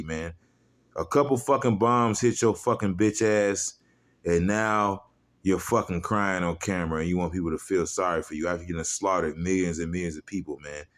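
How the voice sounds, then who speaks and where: A low-voiced man preaching in a fiery, mocking rant. He swings between loud, pushed outbursts and muttered asides, and he reads scripture in old-style wording. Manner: fiery, mocking, profane, drops into quiet asides. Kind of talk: heated religious video rant.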